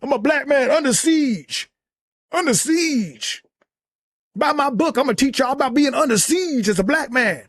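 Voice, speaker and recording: A man's voice: very high voice, lively intonation, moderate pace, a bit bright, no echo, studio quality, pitched above the performer's own voice. A man doing a sneering book-plugging commentator. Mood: mocking. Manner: sarcastic, whiny, repetitive. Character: mocking impression of a male commentator plugging his book.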